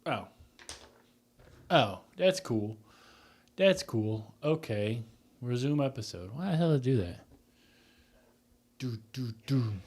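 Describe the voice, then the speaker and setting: Male host, casual reactive commentary, mid-pitched, jokey, talks back to the screen. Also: animated, slow pace, long pauses. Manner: chatty, joking, reacts out loud. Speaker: wrestling stream host. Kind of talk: casual live watch-along commentary.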